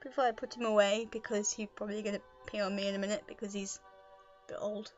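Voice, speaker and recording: A vlogger chats to the camera at home, rambling casually and putting herself down in little asides, a pet on her lap. Her mid-range voice moves quickly with little pitch variation, and the highs are cut off. There's quiet choir music in the background.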